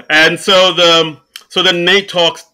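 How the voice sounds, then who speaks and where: Man, podcast co-host, casual film recap, very bright voice, relaxed, lots of fillers. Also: sits high. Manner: relaxed, filler-heavy retelling with "like" and "you know". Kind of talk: casual movie-recap chat.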